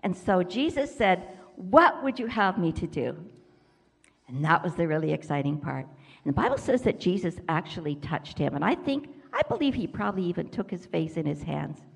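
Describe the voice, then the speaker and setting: Woman, Canadian accent, church children's story, breathy voice, high and animated. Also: a little fast. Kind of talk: children's story told with props. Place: church sanctuary. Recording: church sanctuary with long reverb.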